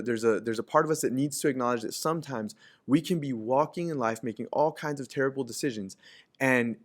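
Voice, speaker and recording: A man preaching a sermon as pastor, restarting phrases and letting his voice swell loud and high when he reads scripture aloud.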